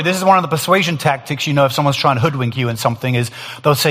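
A man giving a conversational Bible teaching, animated and quick to laugh, acting out the voices he quotes. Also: medium pitch. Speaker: preacher. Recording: long hall reverb.

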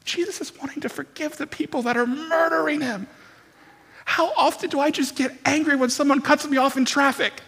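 A man's voice: very high-pitched, fairly even intonation, fairly quick, gravelly, fairly bright tone. A man preaching a dramatic, impassioned sermon as pastor to his church. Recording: long reverb from a large hall.

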